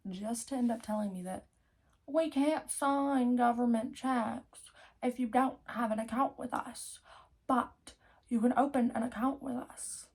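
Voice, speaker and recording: A young woman in her twenties, telling a story in a casual vlog, animated, swearing freely and laughing often. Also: a little high, husky. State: out of breath. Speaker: vlogger.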